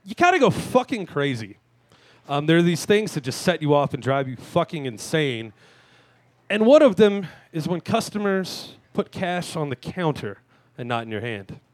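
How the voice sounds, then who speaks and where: Crude self-mocking man on stage, lively pitch. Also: moderate pace, dry recording. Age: 30s. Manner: crude, self-mocking, bursts into shouted rants. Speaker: talk show host. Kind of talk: stand-up style monologue. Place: live venue stage.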